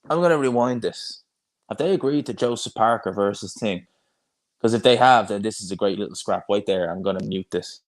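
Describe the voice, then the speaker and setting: A young man talks casually on a live stream, answering viewer comments as he goes. He rambles and restarts his sentences, in a voice that sits a little low for a man. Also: brisk. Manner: chatty, rambling, frequent restarts and fillers. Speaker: boxing YouTuber hosting a live watch-along.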